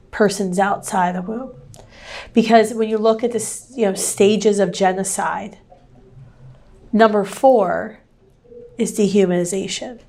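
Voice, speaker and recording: Woman activist answering a question, measured and steady, laying out her argument. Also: medium pitch, creaky. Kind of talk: public debate answer.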